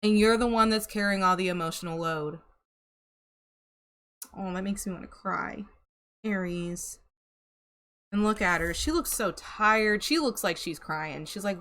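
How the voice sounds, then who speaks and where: A woman's voice: medium pitch, normal speed, a bit bright. A young woman giving a casual tarot reading to camera, chatty and sympathetic, laughing and sighing often. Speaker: tarot reader.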